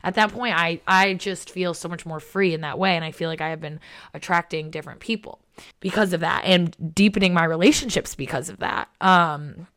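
A woman's voice: lowish voice, fairly quick, a bit bright. A young woman hosting a podcast, telling a personal story in a frank, emotional way with lots of swearing and fillers. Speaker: podcast host. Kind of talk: candid personal monologue.

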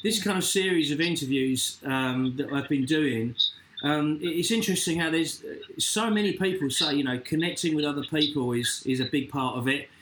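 Man, podcast host, slightly high voice, halting speech, echoey room. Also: a bit bright, a little hiss or hum. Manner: hesitant, many ums and restarts. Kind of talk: casual interview chat.

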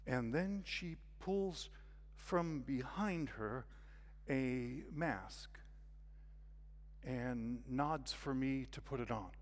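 A man giving a guest sermon as a story, acting out the scenes with sudden loud, excited bursts. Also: mid-range voice, drawn-out words, long reverb tail. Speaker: guest speaker.

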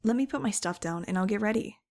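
A woman voicing a cheerful older female marine biologist who talks in a brisk, sing-song way. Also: medium pitch, creaky, a little mellow, natural voice.

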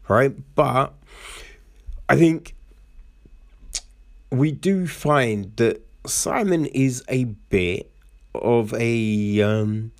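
Man, book review chat, lively up-and-down pitch, slow delivery, keeps saying "right?". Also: creaky, no echo, studio quality. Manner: animated, acts out characters in quick quoted voices; rambling with frequent "right?" and "you know".

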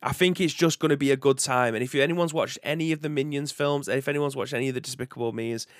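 A British man hosting a live video game podcast. He rambles in a relaxed, chatty way and restarts his sentences often. His voice sits at an ordinary pitch and is recorded close and dry. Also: fast talker, no echo. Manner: chatty and rambling, reads out chat comments. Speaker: podcast host. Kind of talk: casual live-stream chat.

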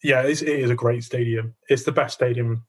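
A man's voice: mid-range voice, fairly even intonation, a little fast, a little mellow, slightly rough. A young adult man co-hosting a podcast, chatting casually with dry, sweary wisecracks. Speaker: podcast co-host. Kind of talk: casual chat.

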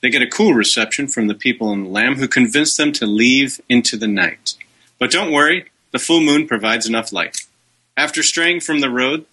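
Brief: male podcast co-host, husky bright voice, wry and lively recap. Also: mid-range voice. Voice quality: wry, deadpan jokes. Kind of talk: casual chat and plot recap.

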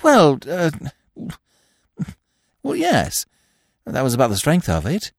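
A man's voice: on the high side, huge pitch swings, takes it slowly, vocal fry, no echo, studio quality, pitched above the performer's own voice, exaggerated voice. A man voicing a silly, lovestruck young aristocratic man who chatters in a bumbling, chirpy upper-class way. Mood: chirpy, eager.

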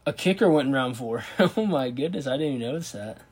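Husky-voiced man giving casual sports commentary. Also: mid-range voice, animated, a little fast. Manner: thinks aloud and reacts with disbelief. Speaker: sports video host. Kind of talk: casual commentary on a football draft.

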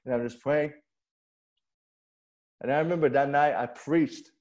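A young male pastor gives a sermon in a relaxed, chatty way, like he's talking to friends. His voice is mellow and warm, at an ordinary middle pitch. He often trips over and repeats words as he starts sentences. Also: a little slow. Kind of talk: sermon with personal storytelling.

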